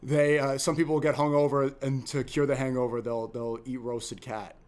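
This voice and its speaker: Streamer guy talking fast n animated, keeps repeating words when he gets worked up, mid pitch. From Haitian family. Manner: animated, talks over the other man, repeats words when excited. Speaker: streamer and host. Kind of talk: casual live-stream debate.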